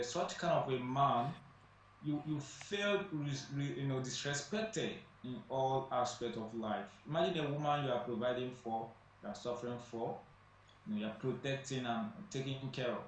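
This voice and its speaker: A man's voice: medium pitch, moderate pace. Emphatic man in an echoey room. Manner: emphatic, repeats phrases for stress. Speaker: studio guest. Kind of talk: studio talk show discussion. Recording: echoey distant room mic, faint noise.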